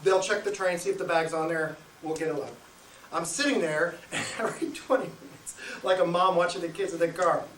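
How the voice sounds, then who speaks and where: High-voiced man telling a comic story. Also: brisk, background noise. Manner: animated, chuckles through his own story. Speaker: stand-up comic. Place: live show venue. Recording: echoey room, mic from a distance.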